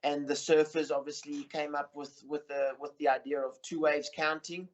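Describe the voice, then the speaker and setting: A man's voice: fairly high pitch, flat delivery, moderate pace. A middle-aged man in a casual interview as a surf coach, talking in a rambling way with many fillers and restarts. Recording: muffled lo-fi recording.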